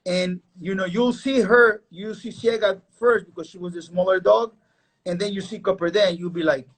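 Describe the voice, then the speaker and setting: High, husky-voiced man hosting a live stream. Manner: emphatic, animated storyteller. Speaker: host and dog breeder.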